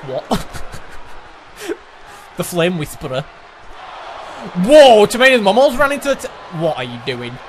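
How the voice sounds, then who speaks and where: A man co-hosting a wrestling video game, reacting with loud excitement and laughter as he plays. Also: high voice, a little slow, long pauses, background noise. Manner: animated, yelling and laughing at chaos. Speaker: gaming co-host. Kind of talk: excited gameplay commentary.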